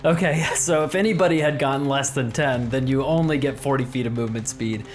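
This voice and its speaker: A man's voice: medium pitch, fairly quick, faint music behind. A man narrating as game master of a tabletop game, easygoing and loose. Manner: easygoing, many fillers and restarts.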